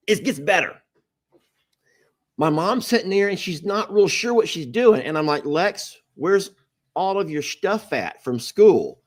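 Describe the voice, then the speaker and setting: A man's voice: fairly high pitch, animated, a little slow, long pauses. A man casually telling a family story to his live viewers, acting out quotes and apologizing with a laugh.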